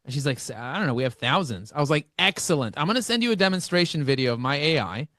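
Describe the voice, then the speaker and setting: A man speaking as an interview guest, telling energetic stories and acting out both sides of conversations. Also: fairly high pitch, quick pace, no room sound, studio quality. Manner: animated, acts out dialogue with shifting voices. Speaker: podcast guest, marketing expert.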